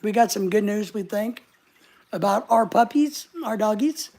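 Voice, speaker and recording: A man's voice: high voice, normal speed, gravelly, darkish tone. A man hosting a casual livestream from his couch at home, joking around and reading viewer comments aloud. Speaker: livestream host. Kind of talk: casual live chat. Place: home living room couch.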